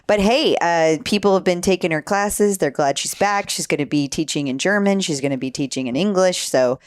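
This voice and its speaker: Woman podcast co-host, lower register, casual and giggly, dry close sound. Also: a little fast, dry recording. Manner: chatty, laughs often while talking. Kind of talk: casual chat.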